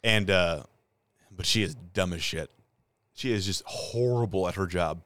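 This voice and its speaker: A man's voice: sits low, unhurried, a bit bright, dry recording. A man hosting a podcast, ranting bluntly and cussing in casual chat. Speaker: podcast host.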